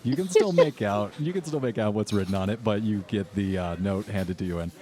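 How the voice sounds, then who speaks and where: A man with a somewhat low voice running a tabletop game as game master. He narrates scenes in a measured, descriptive way and sets up each moment for the players. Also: dark tone.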